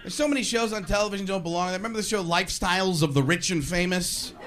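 A man's voice: sits high, fast, fairly bright tone. A man performing a stand-up comedy routine, ranting and slipping into voices on stage. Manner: rants, switches into voices. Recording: live stage with crowd laughter. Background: audience laughing.

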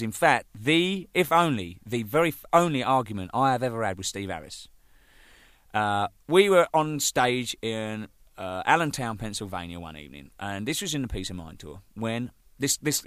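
A man's voice: fairly low pitch, no echo. A man, a rock drummer, telling band anecdotes in a casual, swearing, laughing way. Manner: animated, swears freely, laughs mid-story.

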